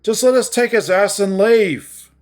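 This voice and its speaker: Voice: mid-range voice, a little slow, faint music behind, voice pushed up, lightly acted. A narrator voicing a young male bat, angry and wounded, hissing out curses. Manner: hissing, swearing outbursts.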